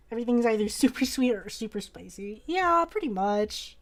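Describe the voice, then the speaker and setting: A woman's voice: fairly high pitch, animated, measured pace. A young woman streaming from home, chatting casually and rambling as she draws, often laughing and repeating words. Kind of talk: casual chat while drawing on stream.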